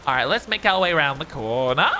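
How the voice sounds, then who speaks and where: A man's voice: a little high, animated, fast, bright, forceful tone, slight background noise. An Australian man streaming a game, chatty and giggly, rambling as he plays. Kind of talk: casual gaming commentary. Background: game music.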